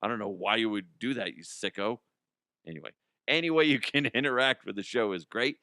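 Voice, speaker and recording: A middle-aged man hosts a comedy sports show from a studio, chatting loosely and poking fun at himself with plenty of laughs and cursing. His voice is smooth and resonant, and the sound is close and dry with no room echo. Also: fairly low pitch, brisk, pushed and bright. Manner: self-deprecating, laughs often, swears freely. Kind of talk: casual comedic monologue.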